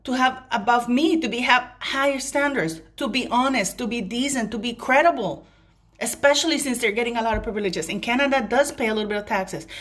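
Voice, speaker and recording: A woman's voice: on the high side, fairly quick, fairly bright tone. A woman vlogger delivering an emphatic opinion rant straight to her viewers, breaking off now and then to apologize for ranting. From Commonwealth country.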